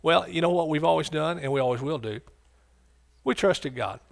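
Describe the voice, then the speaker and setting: Emphatic male preacher from the US, slightly high voice, repeats lines, calls to the crowd. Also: animated, normal speed, creaky. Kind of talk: sermon.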